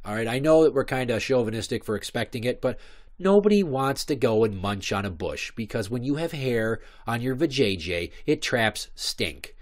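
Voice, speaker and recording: A man in his thirties holds forth on a solo podcast. His voice sits in a middle pitch, and he swears freely as he rambles from one comic story to the next. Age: 30s. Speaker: podcast host. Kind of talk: casual comic monologue.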